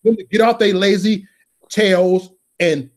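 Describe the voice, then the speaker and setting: A middle-aged man, ranting on a political livestream, loud and preachy, rising to shouts. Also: sits high, steady tone, unhurried.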